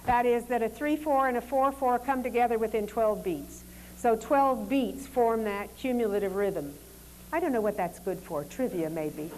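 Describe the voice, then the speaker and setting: A woman with a slightly high voice runs a dance demonstration, calmly instructing performers and explaining each exercise. Her tone stays measured and polite. A faint hiss sits under her voice. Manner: calm, instructive, polite commands. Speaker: dance teacher leading a demonstration. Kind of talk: lecture demonstration, giving directions to dancers.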